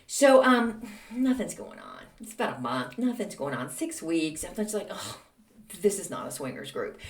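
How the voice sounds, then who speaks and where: A woman hosting a podcast, telling a long story in a chatty, animated way with lots of fillers and acted-out dialogue. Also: medium pitch. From Texas. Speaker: podcast host. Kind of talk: casual storytelling monologue. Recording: roomy, a little distant from the mic.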